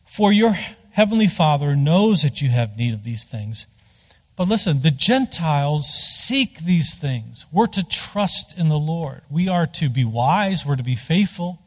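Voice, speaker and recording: A man preaching a sermon in a conversational, digressive way, rising in pitch to stress his points. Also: very animated, measured pace. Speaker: pastor. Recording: long hall reverb.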